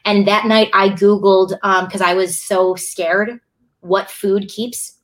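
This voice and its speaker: A young woman, a bartender, telling her story in a casual chat, animated, swearing and acting out what people said. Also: medium pitch, takes it slowly. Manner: animated, swearing, acts out her own quotes. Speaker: bartender and show guest.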